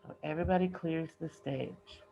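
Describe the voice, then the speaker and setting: A woman's voice: low-pitched, fairly even intonation, normal speed, creaky, warm tone, muffled recording, a little hiss or hum. A woman teacher patiently reading a play aloud to her students and explaining it.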